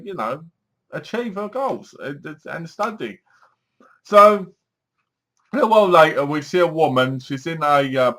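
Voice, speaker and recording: A man casually reviewing a film, retelling the story in a rambling, animated way and acting out lines. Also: fairly high pitch.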